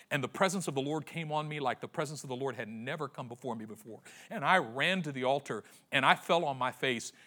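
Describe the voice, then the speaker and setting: A man in his forties preaching a sermon as pastor, impassioned and repetitive, swinging between hushed and loud. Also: medium pitch. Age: 40s. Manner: repeats phrases for emphasis.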